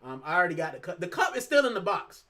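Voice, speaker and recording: A Puerto Rican man living in the UK hosts a football fan channel, talking casually and animatedly with lots of fillers and "bro." His voice is high-pitched, sing-song and fast, with a sharp tone.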